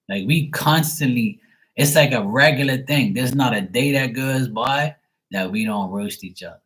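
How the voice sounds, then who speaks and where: Man, casual rambling chat, lots of swearing, lowish voice. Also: moderate pace, a bit bright, poor audio. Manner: rambling, profane, laid-back. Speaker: tarot reader, channel host.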